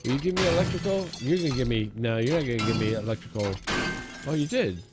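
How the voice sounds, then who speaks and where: A man's voice: medium pitch, animated, quick pace, over loud music. A man hosting a let's-play, giving jokey, self-mocking commentary as he talks to himself and the zombies in the game. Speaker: gaming let's-play host. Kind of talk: casual gameplay commentary.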